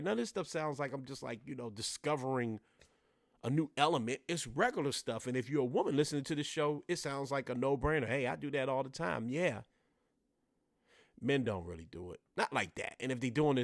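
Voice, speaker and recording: A man's voice: medium pitch, no echo, clean studio sound. A man with a Washington DC accent hosting a solo podcast. He talks straight to his listeners and repeats phrases for emphasis. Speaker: podcast host.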